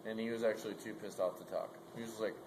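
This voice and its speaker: A man's voice: lowish voice, fairly even intonation, quick pace, noisy background. A young man casually telling a comic story, rambling with lots of "like" and "um". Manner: rambling, full of "like" and "um". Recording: roomy echo, faint ambience.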